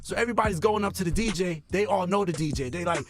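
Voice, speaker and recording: A man's voice: high voice, quick pace, over music. A man telling his own story in an interview, acting out the people he quotes and laughing often. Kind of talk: animated storytelling.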